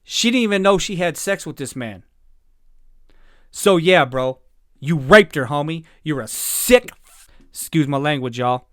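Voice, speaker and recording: A man's voice: fairly high pitch, expressive, measured pace, pauses often, fairly bright tone, no room sound, studio quality. A man giving angry reaction commentary, indignant and exasperated, swearing and then apologizing for his language. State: upset.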